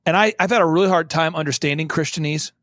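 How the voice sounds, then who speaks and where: A man with a notably high voice talks bluntly and with great energy as an interview guest. He often slips into other people's voices to act out their lines. The sound is dry and close, with no room echo. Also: fast talker. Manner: blunt, animated, acts out quotes in voices. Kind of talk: fast-talking interview.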